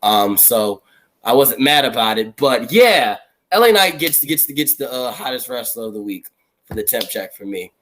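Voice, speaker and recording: A man's voice: mid-range voice, sing-song, moderate pace, a bit bright. A man hosting a podcast in casual chat, laid-back and hesitant with fillers. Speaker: podcast host.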